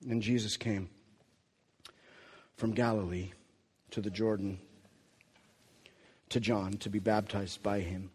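Husky male pastor in a reverberant hall. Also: lowish voice, slow pace, long pauses. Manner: animated storytelling, swings from quiet to loud. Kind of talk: sermon.

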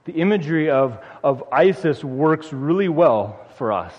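High-voiced male preacher in a reverberant hall. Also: animated, unhurried. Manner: earnest, repeats phrases for emphasis, rises when urging. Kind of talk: sermon. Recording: muffled hall recording with long reverb.

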